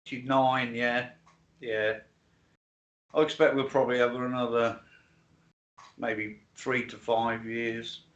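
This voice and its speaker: A man's voice: mid-range voice, little pitch movement, takes it slowly, pauses often, fairly bright tone. Older man, plainspoken, slightly dull sound. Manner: rambling, sweary, plainspoken. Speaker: co-host. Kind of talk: casual livestream chat.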